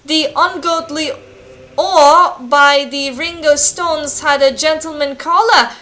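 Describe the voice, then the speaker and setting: A woman's voice: high-pitched, fairly even intonation, slow, bright, forceful tone, voice pushed up, full character voice. A woman voicing a formal, pious old village priest with archaic speech. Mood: grave.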